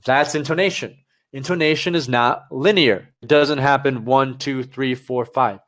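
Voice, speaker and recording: In a mid-range voice at a normal pace, a man runs a test prep lesson on a livestream. He addresses viewers directly in an energetic manner.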